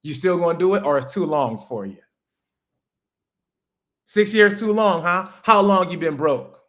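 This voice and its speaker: A man's voice: high-pitched, animated, measured pace, a bit bright. A man hosting a livestream, giving an emphatic, profane motivational rant about business straight to his chat. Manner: talks straight to chat viewers. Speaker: livestream host, business coach.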